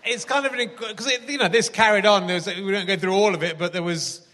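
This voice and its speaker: A male host with a fairly high, bright, forceful voice puts short prompts to his guest and quotes lines from the guest's book. The sound has the long reverb of a theatre hall. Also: steady tone, fast talker. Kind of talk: live stage interview. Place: theatre stage.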